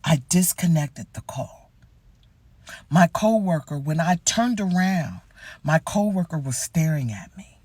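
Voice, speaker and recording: A woman who works as a medical receptionist, telling a story in a casual, animated, wry way and swearing freely. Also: low-pitched, unhurried, slightly rough, no room sound.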